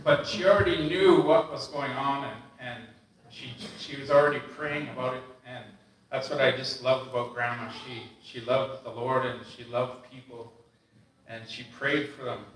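A man's voice: mid-range voice, fairly even intonation. Male mourner, earnest tribute, far off in an echoey church. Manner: earnest, halting, clears throat. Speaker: mourner sharing a memory. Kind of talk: memorial tribute. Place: church hall. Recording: echoey church hall, distant mic.

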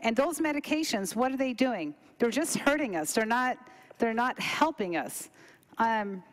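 A woman's voice: a little high, lively intonation, a little slow. A middle-aged woman telling a story casually, acting out quoted dialogue with big jumps in her voice. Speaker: cooking demo presenter.

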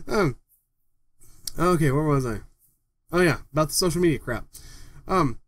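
A young man ranting in a home vlog from his bedroom, swearing a lot and breaking into loud outbursts. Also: high voice, no echo. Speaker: vlogger. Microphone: desktop microphone.

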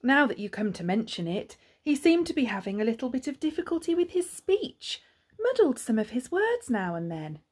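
A woman's voice: on the high side, sing-song, moderate pace, darkish tone, breathy edge, pitched above the performer's own voice. A woman voicing a kind, polite male neighbour hedgehog in a storybook, sounding reassuring.

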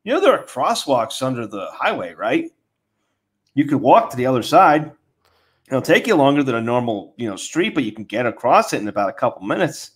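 A man's voice: mid-range voice, big pitch swings, fairly quick. A man from upstate New York co-hosting a podcast, telling rambling anecdotes with lots of fillers and swearing. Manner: rambling storyteller, many fillers, profane. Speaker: podcast co-host. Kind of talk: casual chat.

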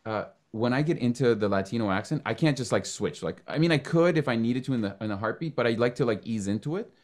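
A man's voice: mid-range voice, lively intonation, quick pace, a little mellow. A man hosting a podcast in a casual, joking chat who swears freely. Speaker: podcast host.

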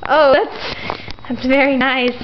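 A teenage girl in a homemade comedy skit, excitable and bossy as she questions an intruder. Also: high-pitched, slow pace. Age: teens. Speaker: homeowner interviewing the hobo. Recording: muffled home video with loud hiss.

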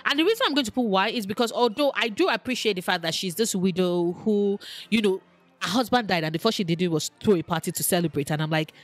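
A woman chatting casually to camera as an online creator, animated and exclamatory, talking straight to the people she discusses. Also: mid-range voice, quick pace, faint music behind. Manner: animated, exclamatory, addresses characters directly. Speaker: online video creator ranking TV characters.

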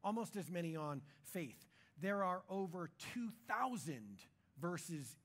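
A man preaching a sermon in a church, in a conversational, jokey and animated way. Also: sits high, takes it slowly. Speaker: pastor.

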